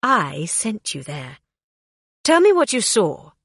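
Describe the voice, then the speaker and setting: A woman's voice: mid-range voice, wildly swooping pitch, slow pace, a bit bright, slightly rough, no echo, clean studio sound, heavily acted. Maleficent, as a woman voices a commanding fairy. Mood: impatient. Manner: commanding and impatient. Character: proud, bitter female fairy ruler.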